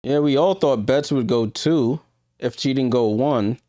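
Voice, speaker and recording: A man's voice: mid-range voice, unhurried, mellow, dry recording, clean studio sound. A man with a New York accent hosting a live stream, giving casual reaction commentary, thinking aloud and talking to his viewers with hesitant ums. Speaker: livestream host.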